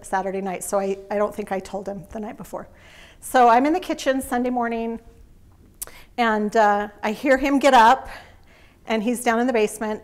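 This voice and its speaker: Middle-aged woman, workshop presenter, slightly high voice, animated, laughs easily. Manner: animated storytelling, laughs often. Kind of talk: live talk to an audience.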